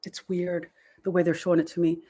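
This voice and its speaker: A woman's voice: lowish voice, level tone, fairly quick, warm tone. A woman doing live psychic energy readings, casual and soothing, calling her caller sweetheart and leading guided visualizations. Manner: swears casually. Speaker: psychic reader.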